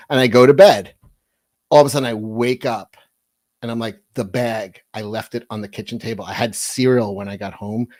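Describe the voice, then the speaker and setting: A man's voice: medium pitch, a little mellow, no echo. Profane, rambling male storyteller, dry sound. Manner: profane, rambling, laughs through his own stories. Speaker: podcast co-host. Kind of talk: crude comedic storytelling.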